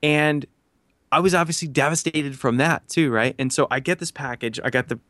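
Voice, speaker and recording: Man, 30s, podcast guest; lively storyteller who acts out quotes, fillers galore, dry close mic. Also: fairly high pitch, moderate pace, no echo. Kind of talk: casual storytelling.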